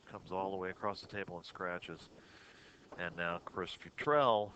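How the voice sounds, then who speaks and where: Deep-voiced man calling pool. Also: a bit bright, slight background noise. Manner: measured, analytical, chuckles often. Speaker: pool commentator. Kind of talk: play-by-play commentary.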